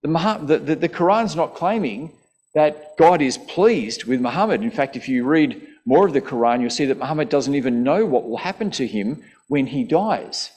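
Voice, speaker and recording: A man preaching a sermon, slow and deliberate, who reads out quoted verses with emphasis. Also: on the high side, lively intonation, darkish tone, slightly rough.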